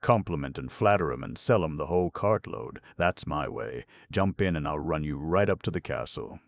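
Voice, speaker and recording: A man's voice: very deep voice, normal speed, gravelly, dry recording, full character voice. A man doing a coaxing vegetable peddler. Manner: flattering, coaxing. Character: cheerful smooth-talking male vegetable peddler.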